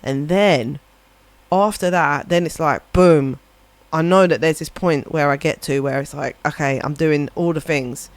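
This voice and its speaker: A woman's voice: sits low, unhurried, no room sound. Rambling woman musician on stream. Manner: rambling, reflective, swears casually. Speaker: livestreaming musician. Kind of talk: casual chat on a live stream.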